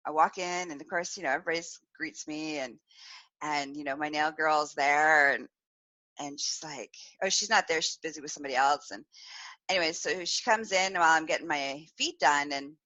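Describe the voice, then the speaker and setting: A woman podcast host telling a story in casual, animated talk, laughing often and using many fillers. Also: low voice, moderate pace, dry recording, lo-fi sound. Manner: animated, giggly, lots of fillers. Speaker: podcast host, sexual wellness specialist.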